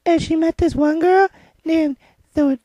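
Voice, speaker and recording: A woman playing an excitable, naive young child who rambles breathlessly in a comedic vlog. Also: extremely high pitch, measured pace, no echo, highs cut off, pitched above the performer's own voice. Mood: chirpy. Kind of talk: comedic kid-character vlog.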